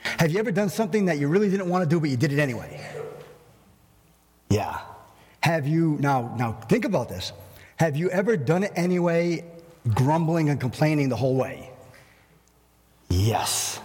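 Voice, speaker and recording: Animated husky-voiced male pastor preaching. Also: fairly high pitch, normal speed, pauses often, long reverb tail. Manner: animated, acts out everyday scenes with humor. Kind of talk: sermon.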